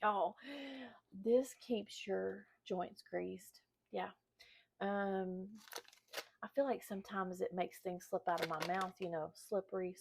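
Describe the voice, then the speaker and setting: Lady doing a home cooking vlog, chatty and folksy, keeps saying y'all, mid pitch, little bit of faint noise behind her. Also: creaky. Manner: chatty and folksy, often addressing viewers as y'all. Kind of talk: casual cooking demonstration. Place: home kitchen.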